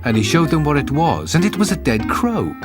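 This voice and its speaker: Man narrating a fairy tale, very lively pitch, soft music underneath. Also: a little fast. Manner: expressive storytelling.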